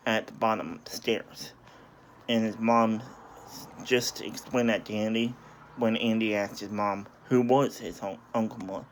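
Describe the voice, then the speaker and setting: Low-voiced man fumbling through a recap. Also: slight background noise. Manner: hesitant, apologetic, many restarts. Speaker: video reviewer. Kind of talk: casual plot recap.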